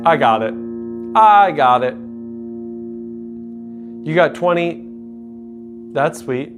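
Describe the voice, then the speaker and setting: High-voiced man teaching intervals by humming. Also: expressive, slow pace, music in the background. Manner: hums and sings intervals to demonstrate; chats with viewers. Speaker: livestream host and music teacher. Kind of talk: casual livestream teaching.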